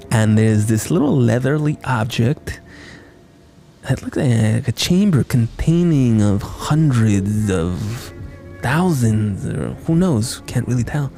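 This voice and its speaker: A man's voice: mid-range voice, lively intonation, takes it slowly, vocal fry, warm tone, faint music behind. A man hosting a podcast, recapping a movie in a rambling, jokey way, often interrupting himself. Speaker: podcast host.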